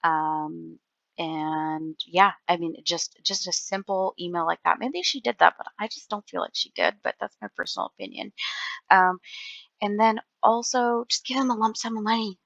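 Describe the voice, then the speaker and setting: Female commentator, lower register, rambling and exasperated, dull dry recording. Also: lively intonation, normal speed, gravelly, fairly bright tone, dry recording. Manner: rambling, exasperated, heavy use of "like". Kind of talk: casual reaction commentary.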